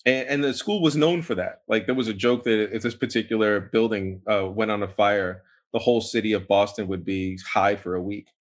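A man, a podcast guest, telling a long personal story in a rambling, animated way, full of fillers and restarts. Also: on the low side, brisk, hardly any pauses. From United States. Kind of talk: casual storytelling interview.

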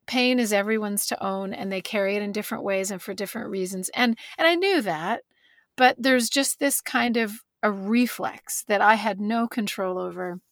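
A woman's voice: mid-range voice, a bit bright, no echo. A woman talking candidly and thoughtfully in a conversation, restarting words as she thinks, close to tears. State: teary. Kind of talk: reflective conversation.

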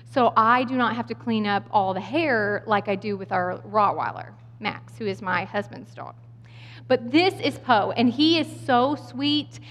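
A woman in her thirties or forties telling a funny story in a sermon, acting out voices along the way. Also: fairly high pitch. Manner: animated, humorous, acts out voices. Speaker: speaker giving a sermon. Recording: long hall reverb.

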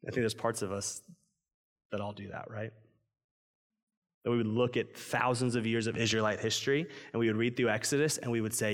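A man's voice: mid-range voice, quick pace. A man preaching a sermon in a casual, conversational way, acting out inner voices and peppering his speech with "like". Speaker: pastor. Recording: long hall reverb.

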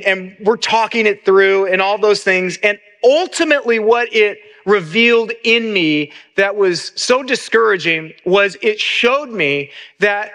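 Bright high-voiced man preaching. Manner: earnest, repeats words as he restarts. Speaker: pastor. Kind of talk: sermon.

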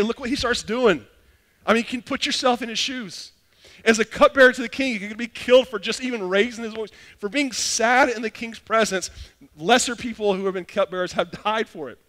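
Man, pastor, lively sermon, acts out voices, fairly high voice, long reverb of a church. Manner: animated, acts out dialogue in changing voices. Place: church sanctuary.

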